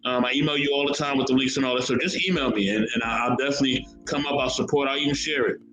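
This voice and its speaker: A podcast host with a medium-pitched voice talks rapid-fire and animatedly in a casual show, chatting, reading history and chat comments aloud, and often repeating his words. The low-quality recording has an echoey room and music in the background.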